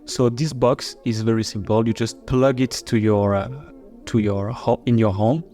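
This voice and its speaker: A man with a French accent talks through his project in a relaxed podcast chat. His voice sits at a middling pitch and he stops often to restart or fill with "uh". Soft music plays faintly underneath. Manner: halting, many fillers and restarts. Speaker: marketing chief of a crypto project. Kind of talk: casual podcast explanation.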